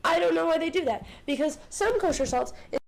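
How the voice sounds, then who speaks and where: A woman's voice: very high-pitched, lively intonation, a little fast, vocal fry. An eighteen-year-old woman hosting a cooking livestream in her home kitchen. She has a cold that makes her voice crack, and she chats casually, joking and swearing playfully. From United States. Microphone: desk condenser mic.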